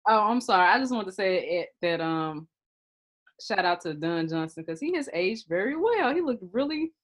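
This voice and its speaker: Woman, co-host, lively sing-song pitch, a bit off mic. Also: moderate pace. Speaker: podcast co-host. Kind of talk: casual chat.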